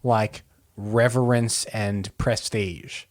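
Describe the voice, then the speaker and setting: A man's voice: fairly low pitch, fairly even intonation, extremely slow. A young man co-hosting a podcast, talking casually with dry, playful jokes. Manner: dry, joking, builds out playful hypotheticals. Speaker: podcast co-host. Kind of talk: casual chat.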